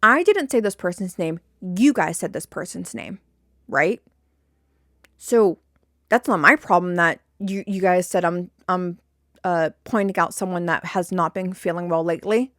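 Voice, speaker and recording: A woman's voice: on the low side, a little slow, a bit bright, no echo, studio quality. A young woman hosting a podcast, venting a long story to her listeners, indignant and repeating herself, rising to exasperated peaks. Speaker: podcast host.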